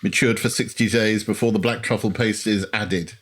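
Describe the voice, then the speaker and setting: Brisk male podcast host asking questions. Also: lowish voice, fairly even intonation, a bit bright. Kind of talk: interview questions. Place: indoors over a lunch table.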